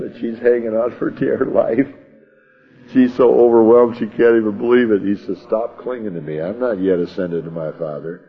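Heard through a muffled recording, a man with a lowish voice preaches folksily, reading scripture aloud and then acting out the scene in his own words with a few chuckles.

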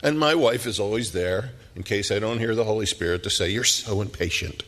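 A middle-aged man preaching a sermon, telling the story dramatically and dropping at times to hushed whispers. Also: on the low side, animated, brisk, big-room sound, slight background noise.

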